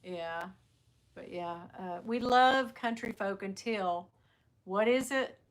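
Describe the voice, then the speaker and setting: A middle-aged woman hosting a livestream, chatting casually and telling lively stories, laughing often and mimicking the people she talks about. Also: mid-range voice, slow. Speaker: livestream host. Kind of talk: casual chat to viewers.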